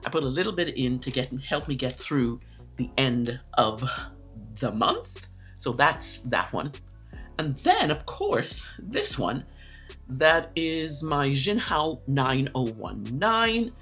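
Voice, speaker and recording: A woman's voice: very deep voice, big pitch swings, slow pace, a bit bright, faint music behind. A woman talking casually to camera about her pens and inks, chatty and rambling, often correcting herself. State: out of breath. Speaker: pen and ink vlogger.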